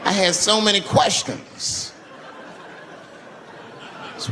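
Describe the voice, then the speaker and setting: A man's voice: sing-song, normal speed, long reverb tail, background noise. A man performing a stand-up comedy set, telling stories and acting out the people in them. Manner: storytelling, acting out characters with big pitch swings.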